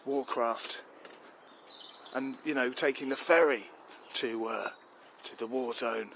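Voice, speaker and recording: A man playing a furious, blustering air force chief who rants and shouts. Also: mid-range voice, slow pace, slight background noise. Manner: ranting, shouting, swearing. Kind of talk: improvised comedy.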